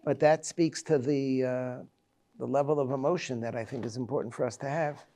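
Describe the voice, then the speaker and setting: A rabbi in his seventies speaks at a middle pitch with a gravelly, creaky edge. His reflective holiday lecture moves haltingly as he recalls personal stories. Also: steady tone, warm tone. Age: 70s. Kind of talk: reflective Tisha B'Av lecture.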